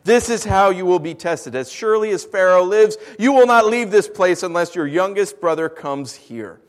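A commanding, stern ruler , read aloud by a man speaks loudly and firmly, with a slightly high, forceful voice. He sounds like an imposing governor giving orders in a scripture reading. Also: animated, moderate pace. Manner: loud commanding reading of quoted speech. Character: stern powerful male governor accusing his visitors.

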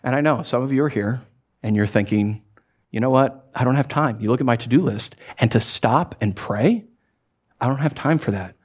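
A man's voice: mid-range voice, normal speed, breathy edge. A male pastor preaching a sermon in a conversational, playful way, with self-deprecating humor and emphatic repetitions.

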